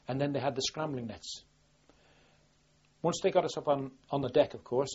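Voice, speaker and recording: Old guy from southwest england telling war memories, really husky voice, muffled old tape. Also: mid-range voice, a little mellow. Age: older. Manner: rambling, plain-spoken storytelling with many restarts. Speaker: war veteran interviewee. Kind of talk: oral history recollection. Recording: dull lo-fi archive recording.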